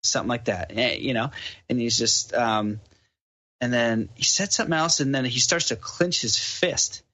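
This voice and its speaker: A man's voice: mid-range voice, normal speed. Canadian man telling a story, lo-fi sound. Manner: animated storyteller who acts out the dialogue. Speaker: podcast guest. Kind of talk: casual conversation, telling a story. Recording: dull lo-fi podcast audio.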